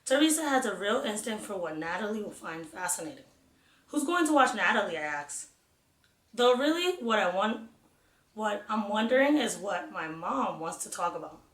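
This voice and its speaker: Female audiobook narrator, steady expressive first-person reading, roomy echo. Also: mid-range voice, normal speed. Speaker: audiobook reader.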